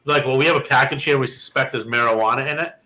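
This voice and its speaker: A young adult man, a podcast co-host, telling a profane, animated story and acting out the quoted lines in casual chat. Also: mid-range voice, very fast, rough recording.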